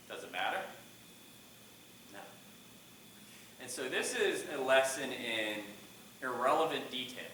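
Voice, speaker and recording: Middle-aged male speaking coach, bright voice, questions his students, recorded from far off in an echoey classroom. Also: mid-range voice, a little hiss or hum. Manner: asks the class questions, lively shifts in volume.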